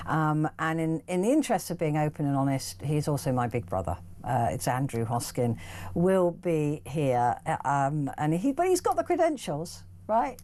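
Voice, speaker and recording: A woman's voice: low voice, expressive, moderate pace, a little mellow. A woman hosting a talk radio phone-in, chatty and effusive with her callers. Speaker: radio host.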